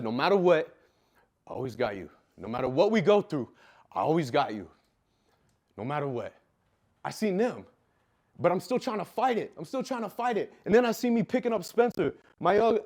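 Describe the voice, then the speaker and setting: A man's voice: on the high side, darkish tone. A young adult man telling a raw personal story, emotional and full of swearing, repeating phrases for emphasis. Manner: profane, emotional, repetitive emphasis. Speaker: speaker telling his life story.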